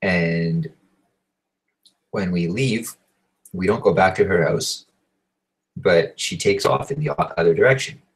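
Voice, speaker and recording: A man with a low, deep voice tells a story in a loose, rambling monologue. He swears in almost every sentence and talks with a worked-up, animated edge. He sounds like he is in his thirties. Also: measured pace, long pauses, rough recording. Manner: profane, animated, swears constantly. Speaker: host. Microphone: home recording setup.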